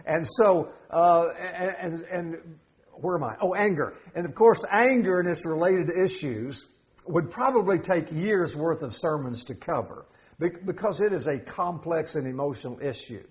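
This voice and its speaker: A man's voice: on the high side, expressive, normal speed. A middle-aged man preaching a sermon as pastor, conversational and humorous, with jokes and asides. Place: church sanctuary.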